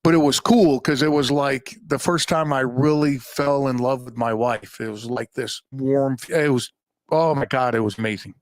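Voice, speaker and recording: A podcast host tells a personal story as a casual monologue, rambling, profane and self-mocking. His medium-pitched voice moves at a normal speed, recorded on a podcast mic with clean studio quality and no echo.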